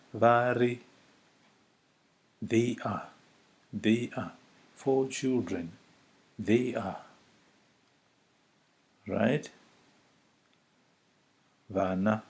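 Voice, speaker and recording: A man teaching a vocabulary lesson, saying each word slowly and repeating it several times for the listener. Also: lowish voice, gravelly, a little mellow. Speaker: language teacher. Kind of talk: slow spoken vocabulary lesson.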